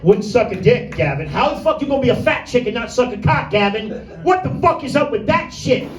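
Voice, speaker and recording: A man's voice: extremely high pitch, expressive, brisk. A male stand-up comedian doing a crude, rambling set and talking straight at a small crowd. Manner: brash, vulgar, rambling with crowd asides. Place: small comedy room with few people. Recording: echoey room, mic from a distance.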